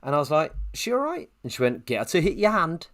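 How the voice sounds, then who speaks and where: A man co-hosting a podcast, telling a long anecdote and jumping into high quoted voices. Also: fast talker. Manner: animated storyteller, jumps pitch for quoted voices. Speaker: podcast co-host.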